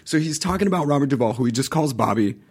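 Guy w a gravelly voice, podcast guest telling stories, does the voices. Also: medium pitch, fast. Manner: animated storyteller, acts out quoted voices. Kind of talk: casual podcast chat.

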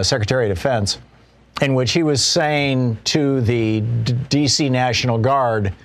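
A man hosting a political talk show, commenting casually with frequent restarts and mocking asides. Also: mid-range voice. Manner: conversational, restarts often, mocking quoted voices.

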